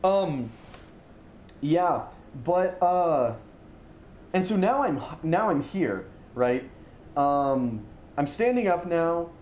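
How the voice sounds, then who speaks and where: A man's voice: on the high side, big pitch swings, extremely slow, long pauses, a little mellow. A young man streaming a game, chatting casually and rambling with lots of fillers while he plays and reads chat aloud. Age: young adult. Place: dorm-style room, standing while streaming. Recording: roomy echo, faint room noise.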